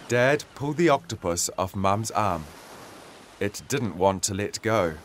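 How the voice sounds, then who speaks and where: A man's voice: lowish voice, a little hiss or hum. A man reading a children's story aloud as narrator. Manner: slow, animated storytelling.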